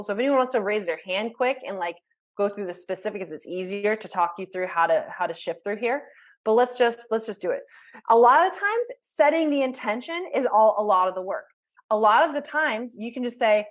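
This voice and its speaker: A woman coaching a group over a video call, her mid-range voice rising and falling in a lively, animated way. She talks conversationally, breaking off and restarting sentences as she acts out examples of self-talk. The tone is that of a live online workshop. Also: medium pitch. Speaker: life coach.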